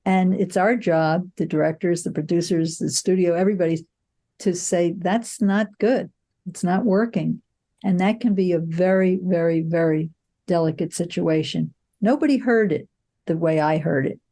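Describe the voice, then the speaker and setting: An older woman with a low-pitched, mellow voice speaks in a relaxed interview. She tells reflective behind-the-scenes stories with frank, outspoken asides. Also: moderate pace. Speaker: film producer, interview guest. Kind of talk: conversational interview.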